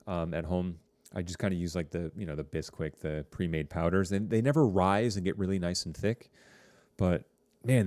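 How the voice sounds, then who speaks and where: Low mellow guy teacher rambling to his class on stream, lots of um and like, dry sound. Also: no echo. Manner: rambling, filler-heavy, friendly asides to students. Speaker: high school TV production teacher. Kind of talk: casual live-stream class chat.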